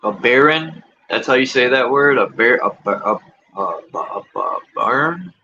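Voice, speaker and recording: A man's voice: medium pitch, big pitch swings, measured pace, sharp tone, breathy edge, dull audio. A man hosting a livestream, ranting in casual talk and repeatedly tossing in rhetorical questions. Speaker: livestream host.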